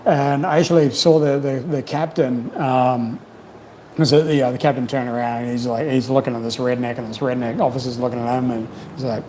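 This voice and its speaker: A man's voice: mid-range voice, steady tone, brisk, a little mellow, a little hiss or hum, rough recording. A man, telling stories frankly and casually with lots of swearing and fillers. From New Zealand. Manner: frank, profane storytelling with many fillers. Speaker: channel host. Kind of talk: casual livestream chat.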